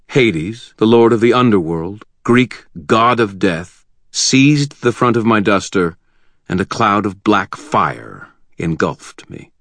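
A man's voice: lowish voice, very animated, slow pace, fairly bright tone, no room sound. A man narrating a first-person fantasy audiobook in a wry, vivid manner with tense pacing, on a close studio mic.

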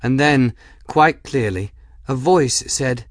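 Man, audiobook narrator, low voice, measured, dry close sound. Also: animated, no echo. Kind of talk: scripted narration.

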